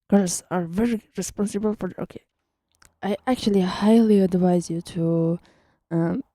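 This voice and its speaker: A young woman walks viewers through music theory in a casual online lesson. Her voice sits low and dark with a gravelly edge, recorded dry and close. She chats and teases, often stopping to correct herself. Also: no echo. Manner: chatty, teasing, self-correcting.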